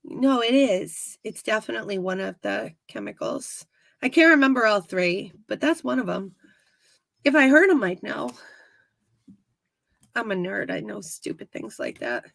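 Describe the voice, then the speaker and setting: A woman's voice: mid-range voice, animated, a little slow, vocal fry, a bit bright, no echo. A woman from New York co-hosting a podcast, animatedly recapping an episode with lots of laughs and swearing. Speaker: podcast co-host. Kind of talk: casual episode recap chat.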